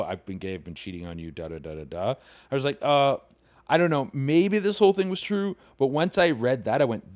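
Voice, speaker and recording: A young man hosting a podcast, retelling an online story in a casual, profane, rambling way and scoffing that it is fake. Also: fairly low pitch. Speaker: comedian podcast host.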